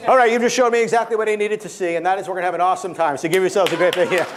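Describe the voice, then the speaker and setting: With a high-pitched, rapid-fire delivery, a man gives a keynote with magic to a small gathering. He tells stories playfully and leads the audience through participation.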